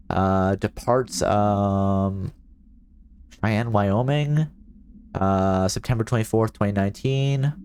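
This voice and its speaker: Low-voiced joking man streaming a game. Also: darkish tone. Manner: joking, reads documents aloud. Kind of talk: casual gameplay commentary.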